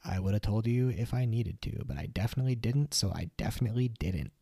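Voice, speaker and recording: Young male podcast co-host, deep voice, dry close sound, chatty and animated. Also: fast, gravelly, husky, dry recording. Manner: laughing, animated storytelling. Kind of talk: casual chat. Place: home kitchen.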